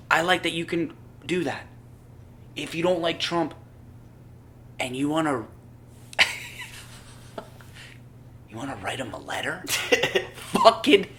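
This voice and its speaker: A man's voice: fairly high pitch, pushed and bright, slight background noise. A young adult man co-hosting a casual podcast, swearing a lot and working himself up into rants. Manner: profane, ranting, gets worked up. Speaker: podcast co-host.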